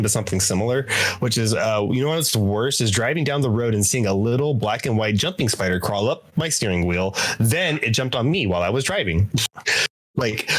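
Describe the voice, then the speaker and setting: A man's voice: medium pitch, dry recording. Laid-back man chatting on a podcast. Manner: relaxed, swears casually. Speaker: podcast co-host. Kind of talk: casual chat.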